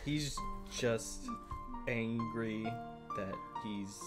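A man's voice: mid-range voice, extremely slow, over loud music. A man co-hosting a visual novel playthrough, cracking jokes and teasing his partner, often laughing as he talks. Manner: joking, teasing, laughs through his lines. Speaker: co-host of a let's-play. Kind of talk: casual banter during a playthrough.

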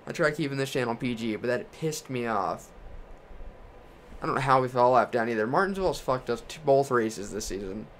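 A man's voice: medium pitch, lively intonation, brisk, slight background noise. A young man from Texas commentating his racing game career, talking his way through the race and ranting with profanity. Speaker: gaming channel host.

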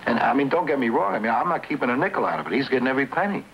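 An actor playing a nervous, pleading brother-in-law in debt who stammers, in a 1960s TV drama on a dull old soundtrack with hiss. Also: male voice, mid-range voice, animated, racing, lightly acted.

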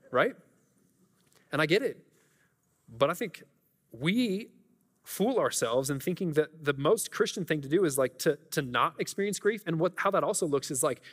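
A man's voice: on the high side, expressive, moderate pace, long pauses, a bit bright, husky. A man preaching a sermon in a church, earnest and conversational, often restarting his sentences. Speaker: pastor. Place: church sanctuary. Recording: reverberant church hall.

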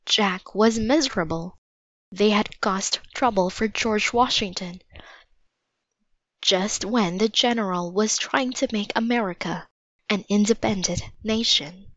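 A woman reading a children's chapter book aloud in a slow, steady manner. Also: medium pitch, no room sound, highs cut off. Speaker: storybook reader.

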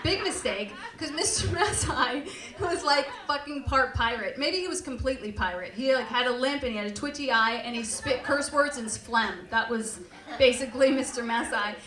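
A woman hosting a live storytelling show, telling comic stories in an animated, profane way and laughing often. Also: high-pitched, normal speed. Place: live venue stage with audience. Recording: roomy live hall from far off.

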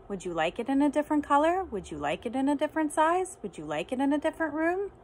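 A woman's voice: sits high, measured pace, a little hiss or hum, voice pushed up. A woman voicing an anxious, baffled house cat who pleads in rising, urgent lines. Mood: pleading.

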